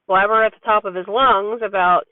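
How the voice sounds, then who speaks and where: A woman with a medium-pitched, steady voice talks briskly and frankly in a rambling, chatty vlog about her life as a parent. It's a candid personal monologue, and the recording is dry and tinny, like a phone.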